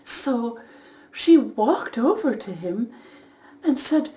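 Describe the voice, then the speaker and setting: Woman storyteller, storybook narration, expressive, very slow, lively pitch. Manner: expressive, unhurried.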